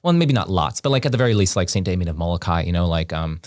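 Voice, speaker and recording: A man guest on a podcast, telling a story in casual conversation, animated and full of "like" and "um". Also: low-pitched, quick pace, no echo, clean studio sound. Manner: animated, heavy on fillers like "like" and "um".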